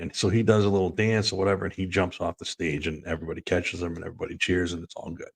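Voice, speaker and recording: A man's voice: low-pitched, fairly even intonation, quick pace, few pauses. A man co-hosting a sports talk show, telling rambling stories and laughing through them. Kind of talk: casual storytelling chat.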